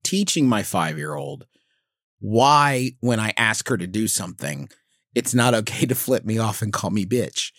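A man in his thirties co-hosting a comedy podcast. He talks loosely and animatedly, his pitch swooping all over the place. The sound is dry and close to the mic. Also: unhurried, gravelly, dry recording. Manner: animated, jumps into high silly voices for jokes. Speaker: podcast co-host. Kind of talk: casual comedic chat.

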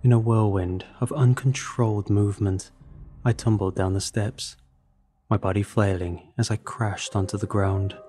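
A man reading a first-person horror story in a measured, dramatic way. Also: on the low side, steady tone, dark tone. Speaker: narrator. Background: faint background music.

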